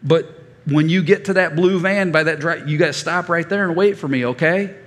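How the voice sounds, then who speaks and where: A man in his fifties preaching a sermon as a folksy storyteller, animated and given to stammered restarts. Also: a little high, normal speed. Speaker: pastor. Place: church sanctuary. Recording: reverberant church hall.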